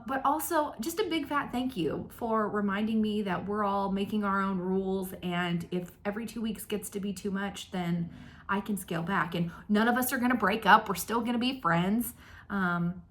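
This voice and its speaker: In her home craft room, a woman in her thirties hosts a casual flosstube stitching vlog, chatting to camera. Her medium-pitched, slightly bright voice moves at normal speed as she rambles self-deprecatingly with lots of ums.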